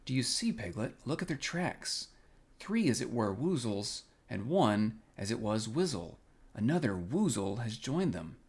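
A man voicing a gentle, slow-witted male teddy bear who muses earnestly. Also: medium pitch, very animated, breathy edge, full character voice. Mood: puzzled. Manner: earnest, ponderous musing.

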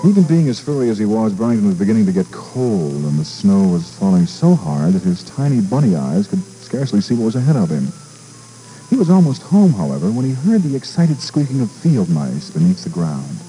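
A man, a radio DJ, reading a storybook aloud in a gentle, unhurried way, with fillers and small asides. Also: lowish voice, very animated, faint music behind, low-quality recording.

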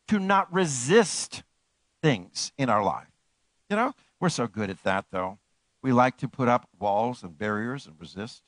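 A man's voice: a bit bright, no room sound. A man preaching a sermon as pastor, emphatic, swinging his voice up and down and repeating key phrases. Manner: preaching with wide swings in pitch and volume.

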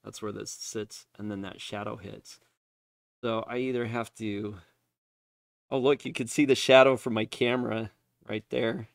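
A man's voice: fairly low pitch, level tone, measured pace, gravelly, no echo, clean studio sound. A man chatting casually while streaming a game from his unfinished basement, laughing often and joking at himself. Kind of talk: casual live-stream chat.

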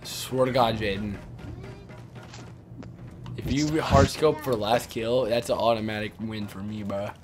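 A young man giving loud, excitable, trash-talking commentary while playing a game against a friend. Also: on the low side, measured pace, pauses often, faint music behind. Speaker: gaming YouTuber.

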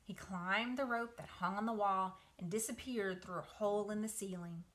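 A woman reading a children's novel aloud for a book club, with expressive storytelling. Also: medium pitch, normal speed.

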